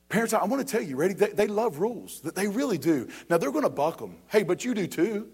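A man's voice: high voice, sing-song, fast talker, hardly any pauses, a little mellow, husky. A man preaching a sermon as pastor, emphatic and repetitive, speaking straight to the congregation.

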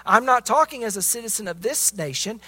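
Forceful, emphatic male preacher. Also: high voice, lively intonation, fairly quick, slightly rough. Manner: emphatic, with repeated "listen" and "praise God" interjections. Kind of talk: sermon.

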